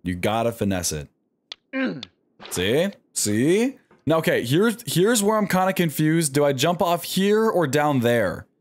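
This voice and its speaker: On a live stream, a man with a slightly high voice comments on his play at a measured pace. He talks to himself in an animated way, swearing often and coaxing himself through each attempt.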